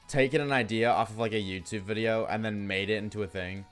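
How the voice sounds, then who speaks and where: A man's voice: on the low side, fairly quick, few pauses, a bit bright, faint music behind. A tired man streaming a game live, yawning and rambling jokily to his chat. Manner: rambling, jokey, talks to chat. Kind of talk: casual live-stream chat while gaming.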